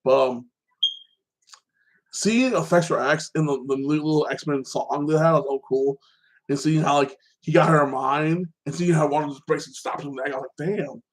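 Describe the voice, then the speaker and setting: Man, casual chat, excitable rambling, filler-heavy, slightly high pitch. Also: normal speed. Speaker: podcast host. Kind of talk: casual movie recap chat.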